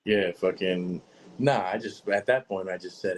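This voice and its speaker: Profane, low-voiced man telling stories. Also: moderate pace, slight background noise, low-quality recording. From Michigan, US. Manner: profane, animated storytelling with quoted voices. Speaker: guest. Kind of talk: casual podcast chat.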